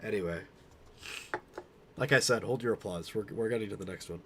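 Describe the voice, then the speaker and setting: A young man streaming himself presenting a meme slideshow in a mock-formal, pompous, drawn-out way. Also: on the low side, breathy edge.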